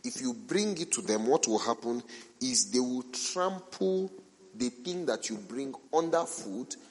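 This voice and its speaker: A man preaching a sermon as a pastor, telling animated everyday stories, asking rhetorical questions and acting out the people he quotes. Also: medium pitch, a little slow. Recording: long reverb from a large hall.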